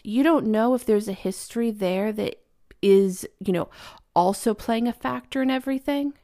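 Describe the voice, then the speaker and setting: A woman's voice: on the high side, warm tone. A woman talking casually and earnestly as a parent, giving reflective advice about apologizing.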